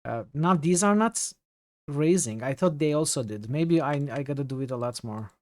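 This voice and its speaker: A man's voice: on the high side, lively intonation, normal speed. A man with a Turkish accent, a native Turkish speaker, chatting casually while he streams a game, thinking aloud and reading chat with lots of fillers. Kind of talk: casual gameplay commentary.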